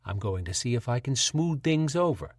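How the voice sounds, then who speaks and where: A man voicing a scheming middle-aged senator with a smooth New England accent and a patronizing manner. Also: mid-range voice, very animated, normal speed, no echo, studio quality. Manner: smooth, patronizing, slyly mocking.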